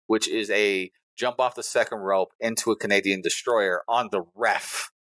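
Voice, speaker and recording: A male podcast co-host giving an animated, play-by-play recap in casual chat. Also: fairly low pitch, moderate pace, no echo.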